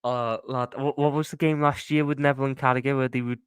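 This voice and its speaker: A man's voice: medium pitch, little pitch movement, quick pace, smooth, no room sound, studio quality. A man co-hosting a football podcast, telling anecdotes in casual banter and stumbling over his words as he starts. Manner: storytelling, stammers into anecdotes.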